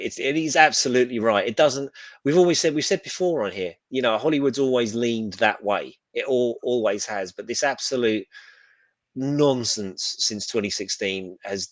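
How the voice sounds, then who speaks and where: A man co-hosting a casual pop culture talk show, animated and swearing freely. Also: on the low side, dry recording. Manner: animated, swears freely, acts out silly voices. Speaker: podcast co-host. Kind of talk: casual chat.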